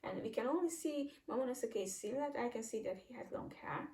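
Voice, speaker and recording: A woman's voice: on the high side, lively intonation, a little fast, dark tone, roomy sound, distant mic, low-quality recording. Chatty woman reacting to a manga. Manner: reads dialogue aloud with mild voice changes, adds chatty asides. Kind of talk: casual manga read-aloud and reaction.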